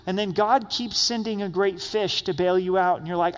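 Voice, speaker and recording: A man's voice: high voice, steady tone, normal speed, hardly any pauses, smooth, in a large hall. A man preaching a sermon as pastor, telling stories and acting out the voices of the people he quotes. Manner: storytelling, acts out quoted voices. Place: church sanctuary.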